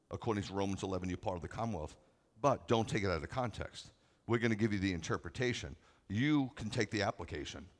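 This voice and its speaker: A man preaching a sermon to a congregation, moving between quiet conversational asides and loud, emphatic scripture readings. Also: fairly low pitch. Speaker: rabbi preaching. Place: congregation sanctuary.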